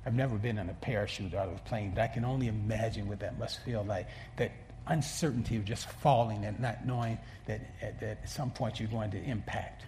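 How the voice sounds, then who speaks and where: A man's voice: on the low side, brisk, a little hiss or hum. Earnest preaching pastor, man. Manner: earnest, stumbling restarts, swings between soft asides and emphatic peaks. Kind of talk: sermon.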